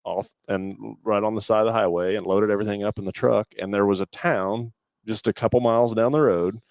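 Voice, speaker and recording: Low-voiced man telling a rambling story. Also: fairly even intonation, brisk, darkish tone, no room sound. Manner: rambling, restarts, folksy road-trip storytelling. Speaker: co-host of a live auto show. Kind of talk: casual storytelling chat.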